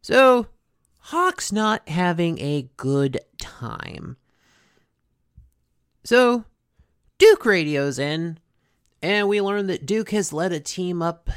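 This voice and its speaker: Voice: mid-range voice, sing-song, extremely slow, pauses often, clear, resonant tone, no echo, clean studio sound. A host casually recapping a cartoon episode, chatty, with many fillers and asides.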